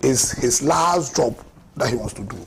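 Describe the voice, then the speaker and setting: A man's voice: mid-range voice, expressive, normal speed, gravelly, a little hiss or hum. A man with a Ghanaian accent giving impassioned, mocking political commentary on a talk show, often repeating words for emphasis. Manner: impassioned, mocking, repeats words and laughs at his own jabs.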